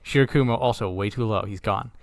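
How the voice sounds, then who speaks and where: A man's voice: fairly low pitch, fast, dry recording. Dry-voiced man muttering through numbers. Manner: wry, mumbling while working through numbers. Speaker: podcast co-host. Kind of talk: casual chat.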